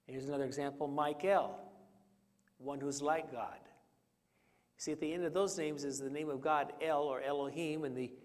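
A man's voice: fairly high pitch, fairly even intonation, fairly quick. A man preaching a conversational Bible study, teaching with fillers and questions to the congregation. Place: church sanctuary. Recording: church hall reverb.

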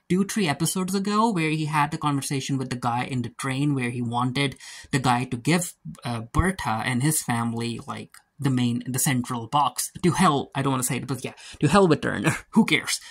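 A casual reviewer recapping a TV episode, who keeps slipping into quick put-on voices for the characters. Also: fairly bright tone, breathy edge. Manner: retells scenes, briefly voicing the characters with pitch jumps.

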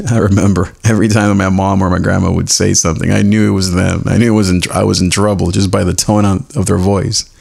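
A man hosting a devotional podcast, animated and self-mocking, who explains Hebrew words slowly and laughs often. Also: deep voice, gravelly, slightly rough. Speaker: podcast host.

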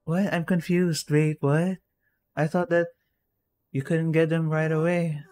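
Stunned, slow-talking gaming YouTuber. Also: medium pitch, flat delivery, a little mellow. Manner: stunned, keeps blurting "oh my god" and "what". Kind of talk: excited game reaction.

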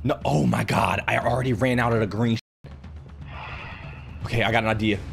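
A man's voice: medium pitch, fairly even intonation, normal speed, vocal fry, soft background music. A young man streaming a horror game, panicking, yelping and muttering to himself. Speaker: gaming streamer. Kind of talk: live horror game commentary.

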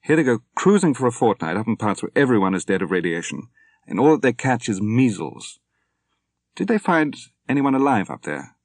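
A man voicing a lively, teasing young woman who talks brightly and animatedly, in an audiobook reading. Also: medium pitch, a little fast, no echo, studio quality, voice pushed up. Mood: amused.

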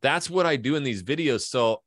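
A man's voice: mid-range voice, lively intonation, normal speed, fairly bright tone, no room sound, studio quality. A man from Idaho, a guest in a casual interview, telling long stories and swearing casually. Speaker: guest, real estate agent and video creator.

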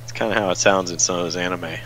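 A man's voice: deep voice, fairly even intonation, fast talker, fairly bright tone. A man casually guiding a friend through a video game in a dry, matter-of-fact way. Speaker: co-host guiding the player. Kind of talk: casual gameplay commentary. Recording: clear background noise.

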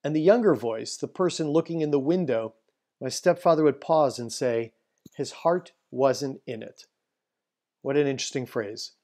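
A rabbi giving a solemn history talk in a slightly raised voice. He tells a family story with care and slows down on the hardest details. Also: fairly high pitch, mellow. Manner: solemn storytelling, slowing for emphasis. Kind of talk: Holocaust history presentation.

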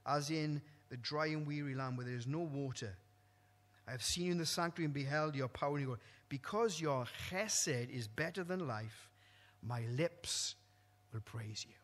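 Bright-voiced man preaching in an echoing hall. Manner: swings from loud exclamations to quiet, low asides. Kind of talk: sermon. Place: church hall. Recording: long echo of a church hall.

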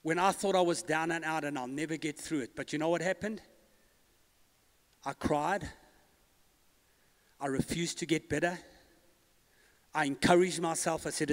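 A pastor preaching a sermon, calling the congregation to respond and building to loud declarations. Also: male voice, a little high, fairly even intonation, normal speed, long pauses. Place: church hall. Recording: long church hall reverb.

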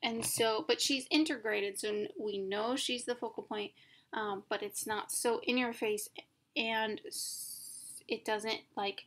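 A woman's voice: a little high, fairly even intonation, normal speed, fairly bright tone. Casual woman teaching art composition. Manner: casual, self-correcting, with many fillers. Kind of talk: recorded art lecture.

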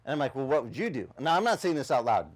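Animated storytelling male pastor. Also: fast talker. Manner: animated storyteller, acting out voices with big pitch swings. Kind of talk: storytelling sermon. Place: beach service outdoors.

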